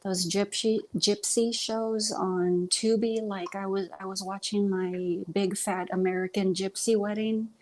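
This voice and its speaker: A woman's voice: mid-range voice, fairly even intonation, a little slow, hardly any pauses. A young woman with a Texan Southern accent, chatting casually on a livestream with lots of ums. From Texas. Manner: chatty, self-conscious, many ums. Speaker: livestream host.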